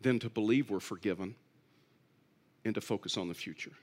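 A man's voice: fairly low pitch, brisk. A man preaching a sermon in an earnest way, repeating key phrases and rising to emphatic pleas. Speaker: pastor.

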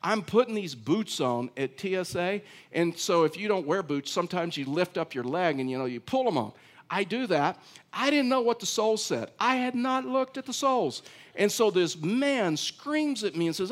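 Texan pastor guy preaching, high-ish voice, folksy and animated. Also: fairly quick. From Texas. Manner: folksy storytelling, animated acting-out of dialogue. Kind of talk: sermon.

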